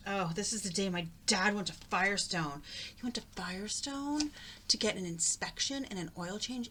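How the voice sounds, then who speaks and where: A woman's voice: mid-range voice, normal speed, bright, forceful tone, slight background noise. A middle-aged woman talking casually at home, chatty and rambling, drifting off on tangents. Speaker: craft vlogger. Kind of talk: casual chat.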